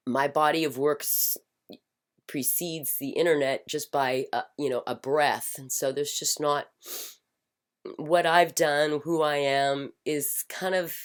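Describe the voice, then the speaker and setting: A middle-aged woman with a low voice delivers a fervent personal monologue at an unhurried pace. She repeats her phrases like a chant and moves between loud declarations and near-whispers, leaning hard on each word. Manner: emphatic, swings from loud declarations to hushed whispers. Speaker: spiritual commentator.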